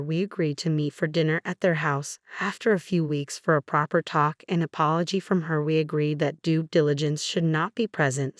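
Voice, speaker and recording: A woman with a low voice reads a personal story aloud in a flat, steady way. Her delivery is even and measured. The recording is dry and close, with no room sound. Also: no room sound. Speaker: story narrator. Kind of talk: reading a forum post aloud.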